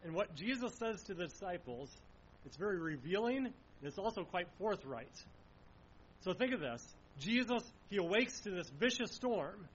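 A man's voice: high voice, very animated, moderate pace, highs cut off, a little hiss or hum. A man preaching a sermon in an earnest way, asking rhetorical questions as he explains the passage. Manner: earnest, uses rhetorical questions, some restarts.

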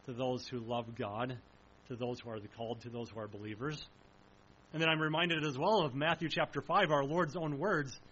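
A man preaching a sermon in an earnest, emphatic way, slowing down to stress key phrases. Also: mid-range voice, a bit bright, highs cut off, a little hiss or hum.

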